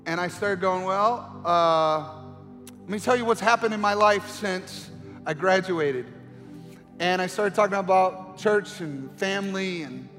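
A man's voice: high voice, fairly bright tone. A middle-aged man preaching a sermon, telling a personal story and building to impassioned pleading. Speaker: pastor. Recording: reverberant hall with faint music.

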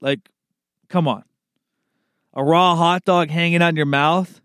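A man's voice: fairly high pitch, fairly even intonation, measured pace, long pauses, a bit bright, smooth, no echo, studio quality. A man in a casual, rambling monologue, laid-back and swearing freely, often calling the listener man or dude. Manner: chuckles at his own slips.

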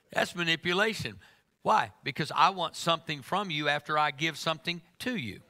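A man's voice: a little high, animated, normal speed, pushed and bright. A middle-aged man preaching a sermon to a congregation, emphatic and humorous, teasing his listeners.

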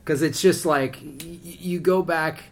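A man's voice: a little high, fairly even intonation, unhurried. A man co-hosting a podcast, chatting in a friendly, enthusiastic way. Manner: friendly, enthusiastic, does stand-up. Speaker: podcast co-host. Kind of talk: casual podcast chat.

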